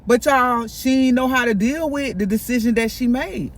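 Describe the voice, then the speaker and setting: A man chatting in a casual storytime vlog, animated and gossipy, talking straight to his viewers. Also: extremely high pitch, normal speed. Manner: animated, gossipy, keeps addressing viewers directly. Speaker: vlogger. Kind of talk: casual storytime while eating.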